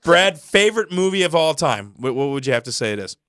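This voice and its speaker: A man hosting a live chat show, animated, laughing a lot and rambling with fillers. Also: on the high side, fast, no room sound, clean studio sound. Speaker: show host. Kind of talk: casual chat.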